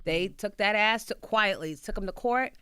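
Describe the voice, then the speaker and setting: A woman's voice: medium pitch, moderate pace, pushed and bright, clean tone, dry recording. A woman radio host talking candidly and bluntly in a radio studio, brash and feisty.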